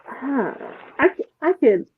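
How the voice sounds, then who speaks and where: A woman's voice: high-pitched, very animated, slow, narrow, tinny audio. A woman co-hosting a casual chat, hesitant and stammering as she thinks aloud. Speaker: co-host.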